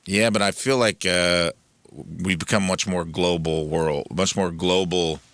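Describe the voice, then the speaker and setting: A man's voice: low voice, steady tone, a little slow, fairly bright tone, no room sound. A man from Southern Illinois co-hosting a radio comedy show, telling stories and acting out quotes. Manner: storytelling, acts out quotes. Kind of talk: casual chat.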